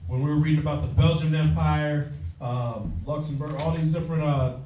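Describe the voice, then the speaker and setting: A man's voice: fairly high pitch, level tone, fairly quick, dark tone, slight background noise. A man teaching a Bible class, lecturing emphatically with lots of fillers and restarts. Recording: echoey room, mic far off.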